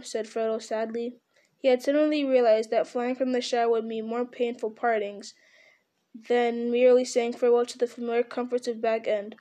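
Audiobook narrator, woman, higher voice, warm mellow tone, measured storytelling. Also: level tone.

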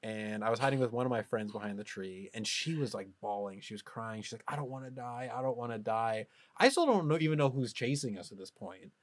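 Male podcast co-host with a lively, swooping delivery, mid-pitched and laughing a lot, on a dry close mic. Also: fast talker, hardly any pauses, no room sound. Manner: animated, laughs often, slips into hushed tones for suspense. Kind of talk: casual storytelling chat.

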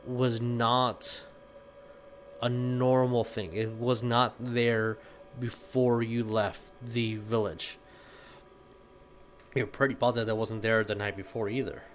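A man running a tabletop game as game master, describing scenes with many pauses and fillers. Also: medium pitch, level tone, a bit bright, a little hiss or hum. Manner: unhurried, pausing with fillers.

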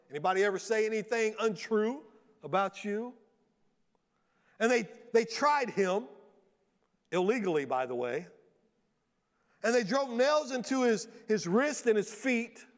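A man preaching a sermon from a church stage in a lively storytelling way, often acting out the voices of the people he quotes. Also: high voice, unhurried, pauses often. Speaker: pastor. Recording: long reverb of a large hall.

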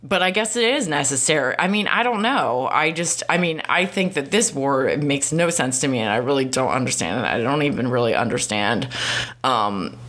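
A woman's voice: extremely low pitch, lively intonation, normal speed, a bit bright. A woman talks through a casual podcast monologue. She rambles, swears freely and breaks into small laughs mid-sentence. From United States. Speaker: podcast host.

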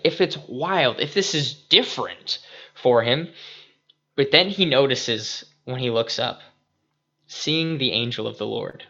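A young man hosting a casual podcast, retelling a Bible story in an animated, earnest and reflective way, on a dull lo-fi recording. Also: on the high side. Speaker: podcast host and youth skate minister.

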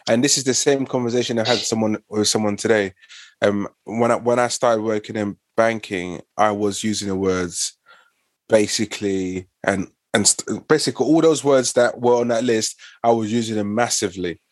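A man's voice: on the low side, steady tone, moderate pace, no echo. A man in casual podcast chat, earnest and opinionated, restarting his sentences often.

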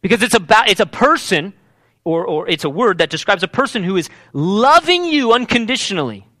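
Pastor type, male, high bright voice with big swings, emphatic sermon delivery, dry close sound. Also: sing-song, brisk, no room sound. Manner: emphatic, repeats key words.

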